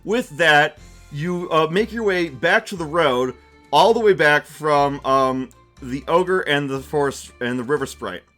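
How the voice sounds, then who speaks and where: Male streamer GM, loose chatty delivery, slightly high pitch, quiet music bed. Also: measured pace. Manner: casual, chatty narration with many fillers and restarts. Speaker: game master and streamer. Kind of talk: narrating a tabletop game on stream.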